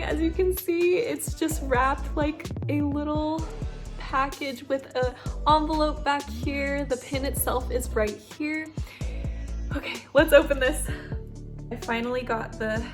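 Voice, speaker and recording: A woman vlogger chatting through an unboxing video, gushing and excitable, often exclaiming with delight. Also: sits high. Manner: gushing, excitable, lots of "oh my gosh".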